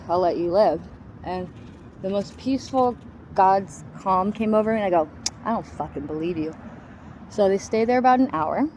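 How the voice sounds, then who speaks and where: A woman's voice: fairly low pitch, darkish tone, a little hiss or hum, rough recording. Blunt, foul-mouthed woman telling her story. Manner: blunt, heavily profane, emphatic. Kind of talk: raw personal testimony.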